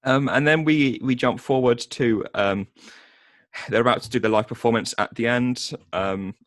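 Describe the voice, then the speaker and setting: A man's voice: mid-range voice, moderate pace, dry recording, clean studio sound. A man co-hosting a casual film review chat, hesitant with many ums and restarts, and sarcastic. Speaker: podcast co-host.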